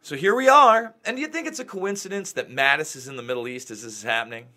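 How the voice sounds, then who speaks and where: A male host delivering a heated live monologue. His voice sits high and rings bright, and it swoops up and down as he rants, hitting his points again and again with an emphatic, agitated push. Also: animated, fast talker. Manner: agitated, ranting, emphatic repetition. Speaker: news show host.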